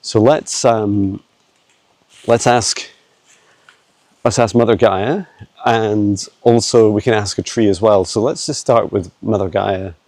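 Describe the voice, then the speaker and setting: Man, dark gravelly voice, dry close phone sound, halting casual vlog delivery. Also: on the low side, fairly even intonation, dry recording. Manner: halting, many fillers and restarts. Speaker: psychic channeler. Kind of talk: casual walking vlog, channeling answers. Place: woods outdoors, walking a dog. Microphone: handheld phone camera.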